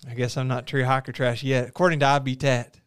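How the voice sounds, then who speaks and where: Southern male co-host, easygoing drawl, smooth and a touch high-pitched, dry booth sound. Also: little pitch movement, fast talker, no echo. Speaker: podcast co-host. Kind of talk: casual podcast chat.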